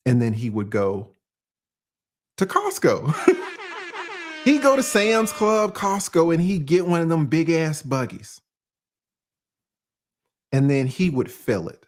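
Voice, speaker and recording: A man's voice: on the high side, sing-song, takes it slowly, long pauses. A man from Atlanta, hosting a casual, profane livestream commentary, often laughing. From Atlanta, USA. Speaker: YouTube commentary host.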